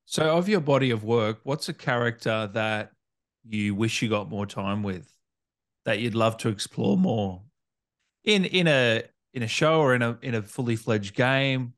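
Interview host, man, mid-pitched, dry close recording, relaxed and reactive. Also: unhurried, no room sound. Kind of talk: casual interview.

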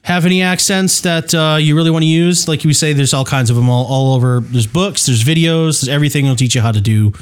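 A man co-hosting a podcast, chatting casually and jokingly, pausing to choose his words with care. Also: on the high side, fairly even intonation, smooth. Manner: joking, hesitant, picks words carefully. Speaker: podcast co-host. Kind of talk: casual chat about running tabletop games.

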